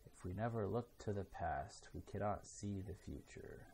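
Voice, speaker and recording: A man reading aloud, voicing a calm, solemn old ninja master in a storybook. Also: deep voice, moderate pace, gravelly, a little hiss or hum.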